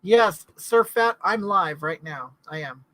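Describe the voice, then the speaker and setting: Middle-aged woman hosting a live chat, rambling and chatty, crisp bright tone, dry close sound. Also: fairly low pitch, lively intonation, takes it slowly, no room sound, low-quality recording. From California. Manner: rambling, reads out viewer comments and answers them. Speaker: livestream host.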